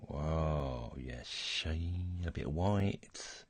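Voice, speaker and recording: A man's voice: very deep voice, drawn-out words, long pauses, no room sound. A man hosting a casual drawing tutorial, muttering and thinking aloud as he works. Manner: relaxed, mutters and thinks aloud while working. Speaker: art tutorial host.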